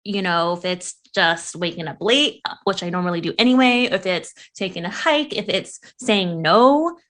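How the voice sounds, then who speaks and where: A young woman co-hosting a podcast in casual chat, playful and quick to laugh, swearing freely. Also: on the low side, animated, fairly bright tone. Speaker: podcast co-host.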